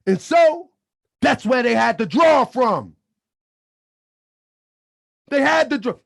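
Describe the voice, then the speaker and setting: High gravelly guy preaching hard, shouts and repeats himself, bit under the weather. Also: lively intonation, takes it slowly. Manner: fiery, shouting and repeating phrases; colloquial, drops into muttered asides. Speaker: channel host. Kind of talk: impassioned preaching monologue.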